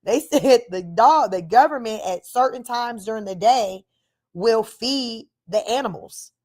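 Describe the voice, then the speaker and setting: A woman's voice: a little high, expressive, a little slow, darkish tone. A woman from Northern California, hosting a casual livestream, reading viewer comments and chatting about her travels, often laughing while she talks and calling her viewers y'all. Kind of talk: casual chat.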